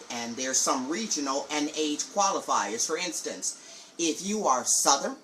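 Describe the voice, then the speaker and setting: A woman hosting a live-streamed teaching talk for preachers, speaking deliberately and enunciating carefully. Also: deep voice, fairly bright tone. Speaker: preaching teacher, show host.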